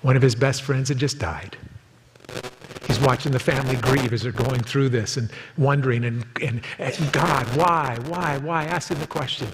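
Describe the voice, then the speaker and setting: Speaking at normal speed in a church sanctuary, a pastor tells stories during his sermon and acts out the characters, shifting to a higher pitch for their quoted lines. The audio has a big-room sound and is very noisy.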